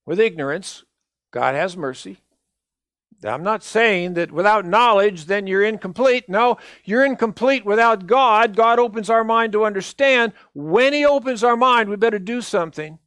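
An older man, a minister, delivering a sermon in an earnest, measured and emphatic way. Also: sits high, a bit bright, clean tone, no echo, clean studio sound.

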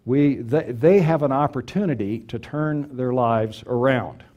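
Earnest preacher with a mellow voice. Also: male voice, medium pitch, a little slow, dull audio. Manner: earnest, emphatic, repeats key phrases. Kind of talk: sermon.

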